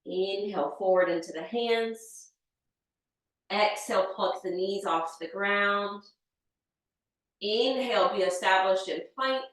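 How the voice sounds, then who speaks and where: Woman, yoga teacher, slow calm cues, very echoey room, far from mic. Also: mid-range voice. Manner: calm step-by-step cueing with breath counts. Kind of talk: guiding a yoga class. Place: yoga studio.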